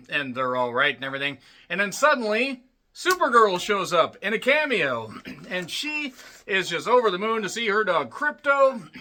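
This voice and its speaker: Male film reviewer, slightly high, very bright and sharp voice, loose profane rambling delivery with throat clearing. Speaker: movie reviewer. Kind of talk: casual spoken film recap.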